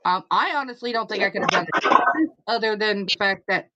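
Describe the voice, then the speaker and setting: A woman hosting a live stream in casual chat, rambling and unhurried. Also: mid-range voice, lively intonation, dull audio, heavy background noise. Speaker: stream host.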